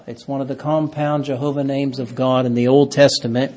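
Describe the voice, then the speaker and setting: A man preaching a sermon, reading scripture aloud and swinging between hushed, slow phrases and raised, emphatic ones. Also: mid-range voice, level tone. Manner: preaching with dramatic swings from hushed to loud, stretching key phrases.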